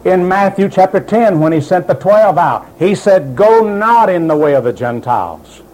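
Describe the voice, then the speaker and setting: Male preacher, high and lively voice, hammering points home as fact. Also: normal speed, poor audio. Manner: emphatic, insistent, quotes doubters in mocking voices. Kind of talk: sermon.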